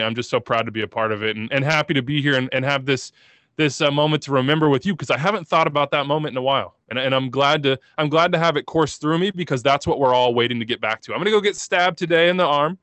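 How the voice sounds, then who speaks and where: A man co-hosting a podcast, talking about soccer in a passionate, excitable and emotional way, rambling as he goes. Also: mid-range voice, quick pace, no room sound. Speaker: podcast co-host.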